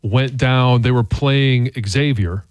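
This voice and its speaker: Relaxed radio co-host. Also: male voice, mid-range voice, slow, clear, resonant tone. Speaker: sports radio co-host, former football player. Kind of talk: casual sports radio chat.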